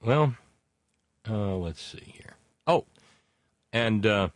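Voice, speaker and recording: A man's voice: on the low side, expressive, very slow, no room sound. A man hosting a casual political talk show, reading out listener messages in a rambling, sardonic way with many fillers.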